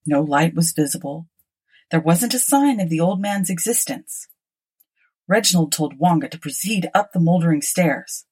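A woman narrating an old tale as an audiobook, in a measured, expressive way. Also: lowish voice, breathy edge.

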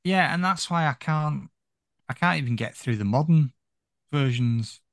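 A man's voice: fairly high pitch, lively intonation, a little slow, dry recording, studio quality. A man guest on a podcast, chatting casually about a film in a rambling way, full of "you know".

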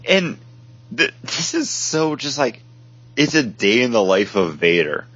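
A man's voice: medium pitch, big pitch swings, unhurried, fairly bright tone. A man co-hosting a podcast, talking casually and animatedly about comic books, sometimes acting out short quotes. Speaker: podcast co-host. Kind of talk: casual comic book discussion. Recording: dull lo-fi podcast audio.

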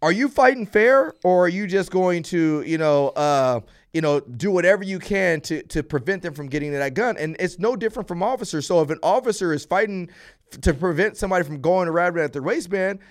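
A man's voice: high-pitched, lively intonation, a little fast. A man who is a police officer, a guest on a podcast, explaining his views earnestly with frequent restarts. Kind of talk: casual interview chat.

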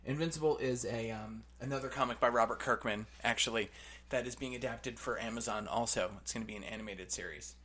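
A man's voice: mid-range voice, bright, forceful tone, a little hiss or hum. A man co-hosting a comic shop podcast, bantering in a joking, playful way. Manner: joking, playful, quick back-and-forth. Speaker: podcast co-host.

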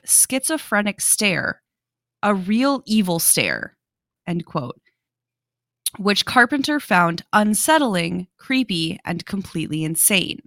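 Bright-voiced woman recapping a film. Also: medium pitch, no echo, studio quality. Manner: explains at length, recounts scenes play-by-play. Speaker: podcast co-host. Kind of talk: casual movie discussion.

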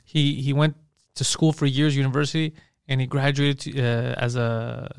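A man co-hosting a podcast, telling stories in a profane, animated way. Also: mid-range voice, moderate pace, vocal fry, clean tone, dry recording, clean studio sound. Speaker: podcast co-host. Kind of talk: casual comedic chat.

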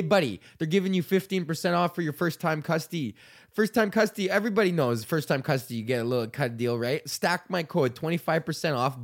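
Rambling, foul-mouthed man. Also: fairly high pitch. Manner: swearing, laughing, loose and rambling. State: sick. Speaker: podcast host. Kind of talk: casual rant.

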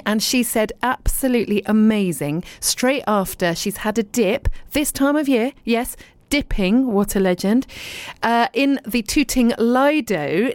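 A woman's voice: on the high side, dry recording. A middle-aged woman presenting a chatty local radio show from the studio, bubbly and talkative. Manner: bubbly, chatty, warm asides. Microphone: studio microphone.

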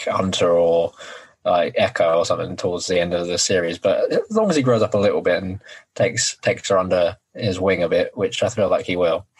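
A man's voice: sits low, slightly rough, poor audio. A man co-hosting a casual podcast, talking over an episode with a hesitant manner full of ums and restarts. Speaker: podcast co-host. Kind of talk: casual recap chat.

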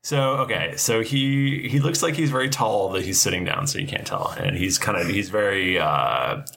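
A man narrating as game master of a tabletop game, halting with many fillers and restarts. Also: lowish voice, lively intonation, vocal fry, a bit bright.

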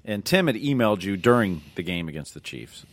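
A man's voice: lowish voice, big pitch swings, fairly quick. A man hosting a casual radio show and reading listener emails aloud.

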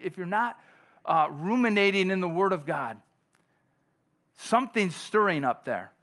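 A pastor delivers a sermon in a church with a slightly raised pitch. He talks in a loose, animated way, tossing in "right?" and playing out the questions of people in the pews. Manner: conversational, animated preaching with frequent "right?"; acts out quoted voices of churchgoers.

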